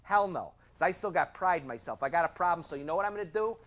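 An actor playing a bitter, foul-mouthed middle-aged police officer in a stage drama, blunt and defiant. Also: male voice, a little high, lively intonation, fast, fairly bright tone. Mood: angry.

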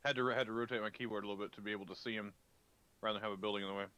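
A man's voice: fairly low pitch, steady tone, racing, bright, forceful tone, clean tone. A man playing a game with friends, explaining rules and his moves in casual chat. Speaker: co-player.

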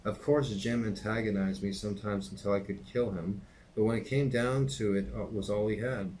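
Low-voiced middle-aged man reading aloud. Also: a little hiss or hum, rough recording. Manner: steady, unhurried reading, casual asides. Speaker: reader and teacher.

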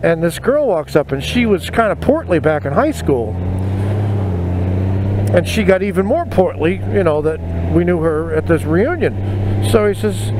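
A high-voiced, very animated man in his forties talks at a normal speed, telling self-mocking stories as he rides a motorcycle outdoors through city traffic. As a motorcycle vlogger he keeps it casual, and his helmet mic records plenty of loud road and traffic noise.

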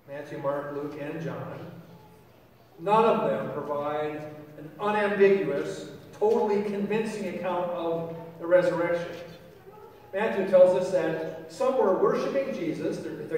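High-voiced pastor in an echoey church. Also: male voice, slight background noise. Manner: animated, asks the congregation questions, playful asides. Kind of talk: sermon. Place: church sanctuary. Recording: echoey church hall from a distant mic.

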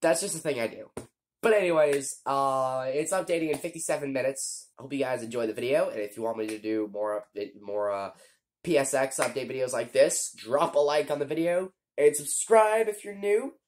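A man's voice: medium pitch, fairly quick, a little hiss or hum. A man chatting casually as he walks through a game update, joking around and teasing himself. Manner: joking, chatty, self-mocking. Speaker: gaming YouTuber.

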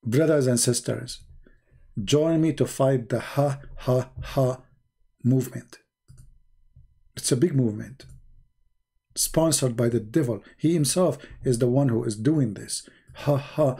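Male debater, husky tone, mocking sarcastic monologue, theatrical swings. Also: medium pitch, dark tone. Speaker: online religious debater.

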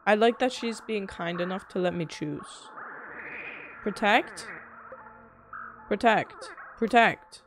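Woman streamer, playful and goofy, unhurried delivery, narrating her gameplay live. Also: medium pitch, a little hiss or hum. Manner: playful, goofy running commentary. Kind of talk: playing a game live and reading dialogue.

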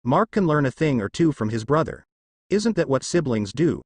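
A proud, harsh alien father, as a male narrator puts him on, firm and stern in manner. The pitch moves freely and the sound is close and dry. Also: sing-song, normal speed, slightly rough, no room sound.

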